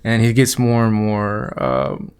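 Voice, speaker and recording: A man with a fairly low, smooth and resonant voice talks through an anime episode in a relaxed, rambling way. He sounds like a podcast host chatting casually and chuckling now and then as he recaps. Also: takes it slowly. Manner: loose, rambling retelling with light chuckles.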